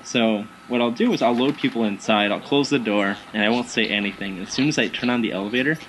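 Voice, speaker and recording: Man telling animated stories in casual chat. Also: medium pitch, quick pace, a little hiss or hum, poor audio. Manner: animated anecdotes with acted quotes, frequent fillers. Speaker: guest, haunted house actor.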